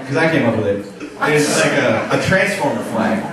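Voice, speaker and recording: A young male comedian rambles through his set with a bouncy, lively pitch that swings up and down. He is taped from far back in a boomy, echoing club. The crowd laughs loudly around him. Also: moderate pace. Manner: loose, rambling delivery full of "like" and swearing. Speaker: stand-up comedian. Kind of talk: stand-up set. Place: comedy club stage, live show.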